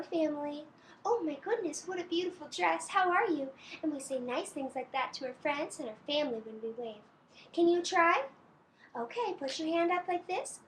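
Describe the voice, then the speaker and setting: Belle, a sweet high-voiced princess played by a young woman. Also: a little hiss or hum. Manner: sugary sing-song voice with soft giggles; talks slowly to a toddler, pausing for answers. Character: sweet cheerful young princess, gentle and doting. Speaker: costumed princess character. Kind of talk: personalized birthday greeting to a small child.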